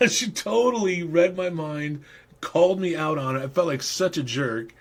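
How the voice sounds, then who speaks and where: A man's voice: fairly high pitch, normal speed, slight background noise. A man in his fifties, a podcast host, rambling through crude stories in casual monologue and laughing at himself.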